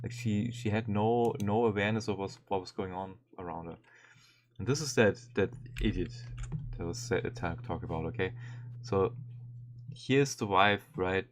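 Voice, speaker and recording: A man streaming and commenting casually on a video, animated and swearing often, with frequent restarts. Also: sits low, normal speed, a little hiss or hum.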